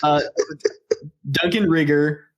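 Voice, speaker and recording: A man co-hosting a movie podcast, reading out behind-the-scenes notes in a measured way with frequent fillers. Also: fairly high pitch, steady tone. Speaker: podcast host. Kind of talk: casual movie review chat.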